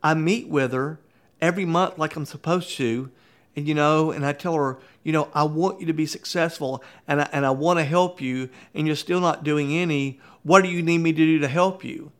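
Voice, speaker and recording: A man's voice: fairly high pitch, moderate pace, voice pushed up, lightly acted. A man voicing an exasperated female manager. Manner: exasperated, pleading. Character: frustrated female manager, worn down.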